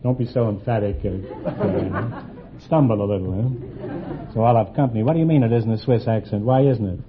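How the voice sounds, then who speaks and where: A man hosting a radio quiz show, teasing his contestants with quick quips and a habit of tacking "huh?" onto his jokes. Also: lowish voice, noisy background. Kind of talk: wisecracking quiz show banter. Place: radio studio before a live audience. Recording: dull old broadcast with loud audience.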